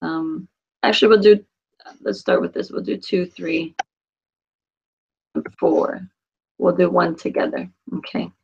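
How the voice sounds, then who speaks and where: A woman's voice: lowish voice, expressive, a little slow, gravelly, long pauses, a little mellow, breathy edge, highs cut off. A woman teaching a Spanish class online, patiently correcting her students by name. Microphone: computer mic on a video call.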